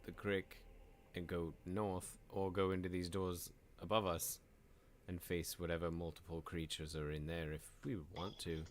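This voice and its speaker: A man's voice: deep voice, flat delivery, moderate pace, a little hiss or hum. A man playing a tabletop game, talking casually with hesitations. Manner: hesitant, restarts often. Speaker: player.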